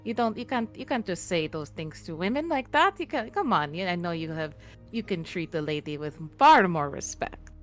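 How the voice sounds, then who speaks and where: A woman's voice: fairly low pitch, moderate pace, soft background music, natural voice. A woman playing a poised, protective peacemaker. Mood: firm. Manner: lively and emphatic.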